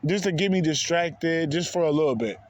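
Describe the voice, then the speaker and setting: Fed-up man ranting, slightly high voice. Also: fairly quick. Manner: heated, profane, repetitive, says bro often. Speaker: spiritual vlogger. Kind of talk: casual rant to camera.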